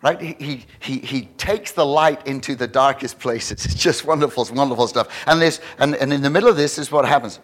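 A man preaching a sermon, animated and emphatic, with frequent restarts. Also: medium pitch, fairly quick, few pauses. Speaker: pastor.

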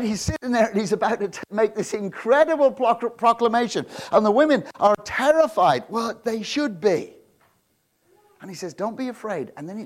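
A man preaching a sermon, swinging between loud proclamations and quiet asides, often repeating and restarting words. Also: high voice. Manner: self-interrupting, repeats words. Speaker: pastor.

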